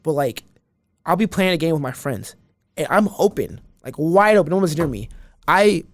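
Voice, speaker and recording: A man's voice: fairly high pitch, expressive, normal speed, no echo. A man guest on a podcast, chatting casually and animatedly, rambling with lots of restarts. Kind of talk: casual chat.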